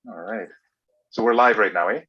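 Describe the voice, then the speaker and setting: A low-pitched man from Canada hosts a relaxed online chat with friends. He talks in an easygoing, halting way, full of "uh" and restarts. The audio sounds dull and lo-fi. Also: husky. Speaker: livestream host. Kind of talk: casual group chat. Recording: muffled lo-fi audio.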